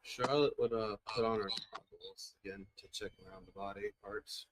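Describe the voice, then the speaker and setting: Low-voiced man playing a tabletop game. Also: fairly even intonation, normal speed, background noise. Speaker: player. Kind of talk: narrating own character's actions.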